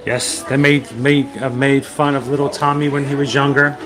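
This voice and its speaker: A man's voice: medium pitch, level tone, moderate pace, over music. A man casually hosting a walking livestream, chatting and joking as he strolls around. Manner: chatty, meandering, with light jokes. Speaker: livestream host. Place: outdoor theme park walkway. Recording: busy theme park crowd behind.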